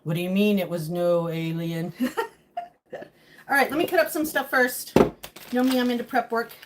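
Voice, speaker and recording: A woman's voice: mid-range voice, moderate pace, a little hiss or hum. A woman hosting a live stream from her home kitchen, chatting casually and joking as she answers viewer comments while she cooks.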